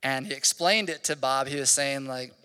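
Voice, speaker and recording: A man's voice: medium pitch, normal speed, bright, forceful tone, clean tone. A man in his thirties giving a casual, conversational sermon as a pastor, rambling with lots of "like". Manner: casual, rambling, heavy use of "like". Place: church hall. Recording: long hall reverb.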